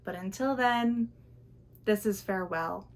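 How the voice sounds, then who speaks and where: A woman voicing a well-traveled young gentleman with a wry, drawn-out way of talking. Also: medium pitch, lightly acted. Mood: resigned.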